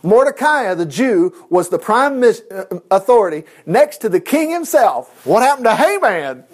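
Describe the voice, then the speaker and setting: A man teaching a Bible lesson in an animated way, chuckling and making chatty asides. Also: sits high, moderate pace.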